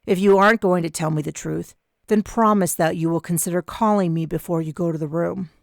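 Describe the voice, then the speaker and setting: Woman reading a gentle, formal man. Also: fairly low pitch, fairly even intonation, fairly quick, creaky, no room sound, clean studio sound. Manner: gentle, pleading.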